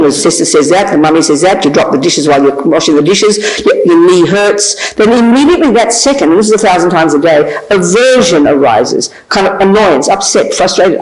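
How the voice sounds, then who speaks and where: An older woman, a Buddhist nun, giving an informal teaching with frank, animated, self-mocking talk and frequent laughter. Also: on the low side, brisk, few pauses, poor audio. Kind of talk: informal dharma talk with questions. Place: teaching hall of a meditation centre.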